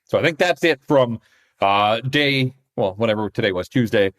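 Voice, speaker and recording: A hockey reporter co-hosting a podcast chats casually and tells stories, laughing often. His voice is medium-pitched, expressive and a bit bright, at a normal speed.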